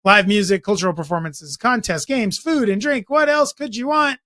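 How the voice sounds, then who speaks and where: A man's voice: high-pitched, normal speed, bright, forceful tone, no room sound, studio quality. A man hosting a podcast, running through weekend events in a rambling, chatty way with jokey asides. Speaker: podcast host. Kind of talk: casual event roundup.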